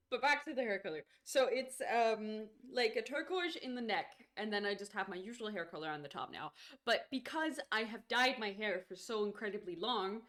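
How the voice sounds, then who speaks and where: A woman's voice: medium pitch, animated, moderate pace, fairly bright tone. A young adult woman streamer chatting casually while she plays a game, rambling with lots of fillers and small restarts. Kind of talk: casual chat while gaming.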